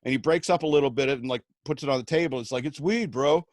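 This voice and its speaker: A radio show host with a mid-range voice talks very fast, telling a rambling, self-mocking comic story and acting out the voices of the people in it. He's recorded close and dry, with no room sound at all.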